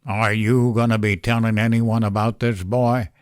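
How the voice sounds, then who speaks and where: A man voicing a brutal father who speaks slowly and calmly when angry, with a drawling, threatening manner. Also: fairly low pitch, no echo, clean studio sound, lightly acted. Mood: menacing. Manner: slow, calm, threatening drawl. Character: brutal menacing father, man, slow and calm in anger.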